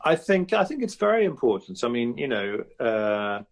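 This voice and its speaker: A man's voice: medium pitch, very animated, normal speed, creaky. A man guest on a podcast, chatting reflectively with frequent restarts and fillers. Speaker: guest impressionist. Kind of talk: casual podcast interview.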